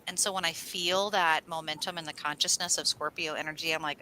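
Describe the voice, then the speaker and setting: A woman co-hosting an astrology livestream, telling rambling stories in a casual, animated way and swearing now and then. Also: sits low, fairly quick, hardly any pauses, a little hiss or hum, low-quality recording. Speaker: astrology show co-host.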